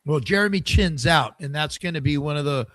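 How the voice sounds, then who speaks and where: Man, slightly high voice, dry close sound, casual rambling fan talk. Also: fairly quick, a bit bright, no room sound. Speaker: football fan channel host.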